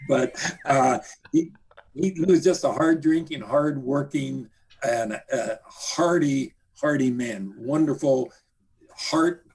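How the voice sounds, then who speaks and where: A man, a guest journalist, reminiscing in a halting way with many fillers. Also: mid-range voice, a little mellow, a little hiss or hum. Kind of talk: casual interview chat.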